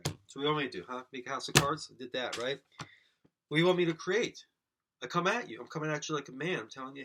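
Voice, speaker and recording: A man's voice: medium pitch, animated, racing, bright, forceful tone. A man hosting a silly podcast alone, rambling absurdly and talking to an imagined audience. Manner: absurd, self-mocking, talks to imagined audience. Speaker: podcast host. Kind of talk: rambling comedic monologue.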